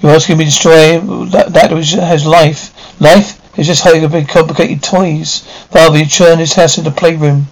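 An actress playing a rebellious grown daughter who feels trapped at home, speaking in sharp, scornful outbursts in a 1950s TV drama style. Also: female voice, sits low, steady tone, normal speed, few pauses, poor audio. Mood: defiant. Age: young adult.

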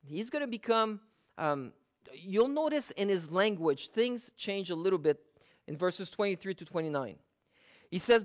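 A Bible teacher giving a verse-by-verse sermon, reading scripture slowly with stressed words and explaining through rhetorical questions. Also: mid-range voice, expressive.

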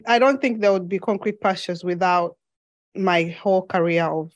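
A woman's voice: fairly low pitch, normal speed, no echo. A woman from Zambia with a slight lisp, a podcast guest telling her story in an earnest, reflective way in a casual interview.

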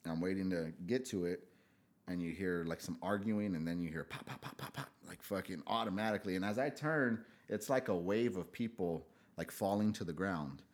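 Low-voiced man telling loose, profane stories. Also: normal speed. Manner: laid-back, profane, acts out quotes with a raised voice. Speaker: podcast guest. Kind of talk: casual storytelling chat.

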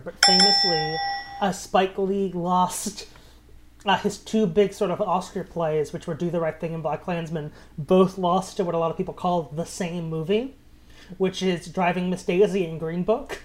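Guy hosting a movie podcast, dry deadpan jokes, reads off the nominee lists. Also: high-pitched, normal speed, noisy background. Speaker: podcast host. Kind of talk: casual film podcast chat.

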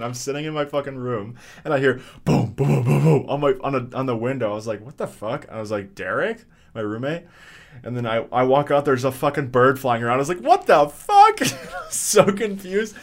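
A young man casually telling a rambling story on a podcast, swearing often and full of fillers and restarts. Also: medium pitch. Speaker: podcast co-host.

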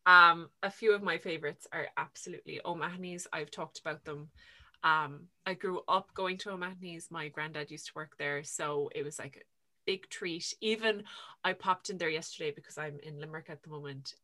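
A woman's voice: low-pitched, steady tone, normal speed, bright, forceful tone. A young Irish woman co-hosting a book podcast in casual, rambling chat with lots of filler words. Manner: chatty, rambling with many fillers. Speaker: podcast co-host.

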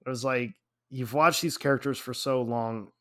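Bright-voiced man telling an animated story. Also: mid-range voice, moderate pace. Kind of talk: casual chat.

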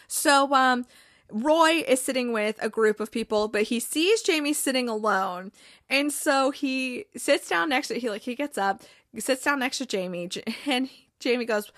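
A woman's voice: fairly high pitch, measured pace, a bit bright, no echo, studio quality. A woman hosting a podcast, casually recapping a TV episode, chatty and laughing often.

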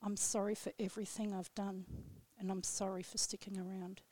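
A woman guest on a radio show reading her own poem aloud in a slow, solemn, measured way. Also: mid-range voice, flat delivery, mellow, dry recording. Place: radio studio.

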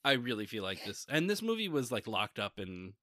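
A man's voice: fairly low pitch, big pitch swings, a little fast, bright, forceful tone, no room sound, studio quality. A man co-hosting a casual movie review podcast, chatty and often laughing as he talks comics. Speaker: podcast co-host.

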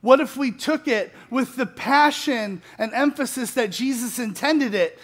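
A middle-aged man with a fairly high voice delivers a sermon as a pastor. He talks casually and pokes fun at himself, with easy restarts and a chuckle here and there. Then he leans into points with earnest emphasis. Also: a bit bright. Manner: conversational, self-deprecating, with restarts and light laughs.

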